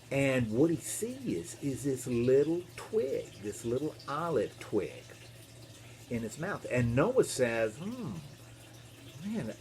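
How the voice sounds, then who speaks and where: Animated minister telling a kids' story. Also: male voice, mid-range voice, slight background noise. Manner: animated, playful, asks kids questions, makes animal noises. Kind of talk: storytelling for children.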